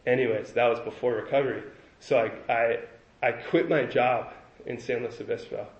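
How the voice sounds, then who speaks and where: Halting young man in a roomy recording. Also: mid-range voice, fairly even intonation, highs cut off. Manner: halting and reflective, with frequent restarts. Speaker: recovery meeting speaker. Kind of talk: personal recovery share.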